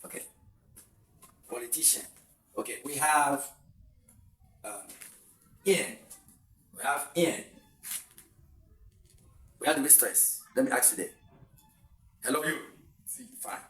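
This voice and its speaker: A man's voice: fairly high pitch, takes it slowly, pauses often, a bit bright, recorded from a distance. Nigerian man tutoring in an echoey room. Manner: explaining step by step, repeats points, chuckles. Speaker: exam tutor. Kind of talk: video lesson.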